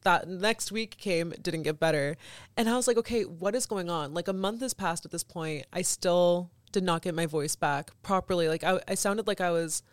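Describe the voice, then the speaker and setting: A woman in her twenties, a podcast guest, telling a story in a casual, animated way with many fillers. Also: on the low side, normal speed, no room sound. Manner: animated, laughing often, lots of "like".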